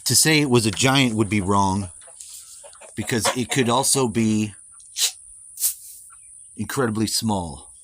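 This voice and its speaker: A man in an American accent telling a rambling story while walking outdoors, playful with crude asides and drawn-out dramatic phrasing. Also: fairly low pitch, noisy background. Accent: American, put on.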